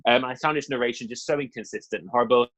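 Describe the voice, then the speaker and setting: A man's voice: medium pitch, rapid-fire, fairly bright tone, low-quality recording. A young man co-hosting a film review show, talking casually and candidly with lots of asides and fillers.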